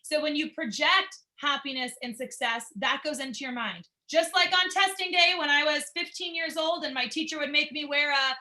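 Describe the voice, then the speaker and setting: A woman's voice: high-pitched, normal speed, few pauses, pushed and bright. A young adult woman, a martial arts instructor, giving an upbeat, encouraging talk to her class and asking them questions.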